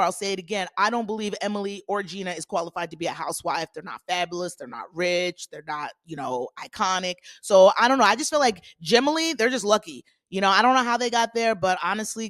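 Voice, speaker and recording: Sassy lady host doing a solo rant, mid pitch, super dry mic. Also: no echo. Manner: sassy, animated, playful asides to listeners. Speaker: podcast host. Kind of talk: casual solo commentary.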